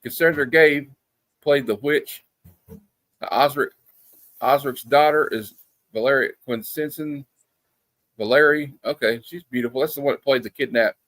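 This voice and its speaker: A man of middle pitch hosts a casual film review. He rambles and restarts often, piling up fillers as he goes. The sound is close and dry, with no room around it. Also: normal speed, long pauses, fairly bright tone, dry recording. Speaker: movie review host. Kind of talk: casual movie review chat. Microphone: streaming setup.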